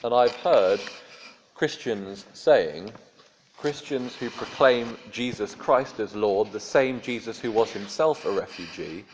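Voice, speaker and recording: A man's voice: fairly low pitch, expressive, takes it slowly, a little hiss or hum. A man preaching a sermon in a conversational storytelling way with dry humor. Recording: dull lo-fi sermon recording.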